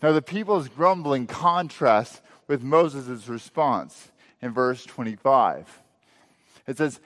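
A male pastor preaching a sermon, asking rhetorical questions and letting his voice swell and then drop low. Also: animated, takes it slowly, fairly bright tone, long reverb tail.

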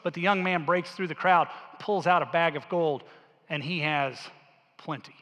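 A male pastor telling a story in a sermon with earnest, quiet intensity, dropping his voice low for quoted lines. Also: normal speed. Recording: long hall reverb.

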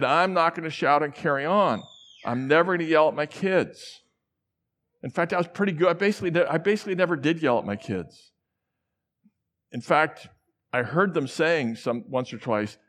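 A middle-aged man from the central United States preaches to a large church. His voice sits a little high, and he tells stories in a casual, conversational way. He acts out the voices of the people he quotes. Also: fairly bright tone. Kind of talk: sermon with personal stories.

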